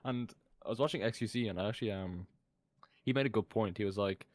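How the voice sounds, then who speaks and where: A man's voice: lowish voice, quick pace, no echo. A young man co-hosting a podcast, rambling and swearing in casual chat. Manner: rambling, sweary, laughs often. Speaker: podcast co-host.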